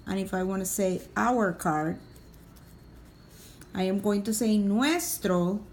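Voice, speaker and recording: A woman's voice: medium pitch, slow, a little mellow, slight background noise. A woman teaching a Spanish grammar lesson, patiently walking through examples and speaking to the class as boys and girls.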